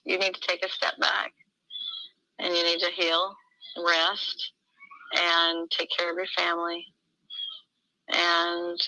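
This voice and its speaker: A woman's voice: fairly low pitch, vocal fry, bright, forceful tone, dry recording, poor audio. A middle-aged woman in an emotional personal conversation, talking fervently and acting out dialogue with big swings in her voice.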